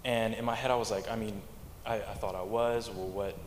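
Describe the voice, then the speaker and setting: A young man tells his church testimony in a low, quiet voice, stumbling and repeating words as he goes. His voice rings in an echoey hall, with a faint hum of ambience behind him. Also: steady tone. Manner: halting, repeats words, speaks mostly quietly. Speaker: congregant giving testimony.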